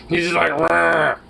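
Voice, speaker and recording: Guy baby-talking his husky, voice swoops way up and down, slow and drawn out. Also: fairly high pitch, a bit bright, slight background noise. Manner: playful, cooing, laughing baby talk. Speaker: pet owner filming his husky. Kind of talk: casual baby talk to a dog.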